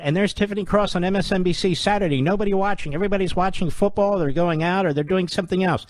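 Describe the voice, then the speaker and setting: A man's voice: high voice, fast, few pauses, no room sound. A man hosting a talk radio show, delivering an opinion monologue in a sarcastic, combative way full of rhetorical questions.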